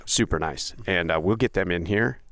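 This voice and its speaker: A man with a very low, gravelly voice hosts a podcast in a casual, rambling way, full of ums and restarts. The sound is dry and close. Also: moderate pace, fairly bright tone, dry recording. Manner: rambling, with many fillers and restarts. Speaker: podcast host. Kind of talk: casual chat.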